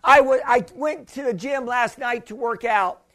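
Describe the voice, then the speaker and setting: A male pastor preaching with a strikingly high voice. He hammers points home with repetition and calls for an amen. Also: moderate pace, fairly bright tone. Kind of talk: sermon.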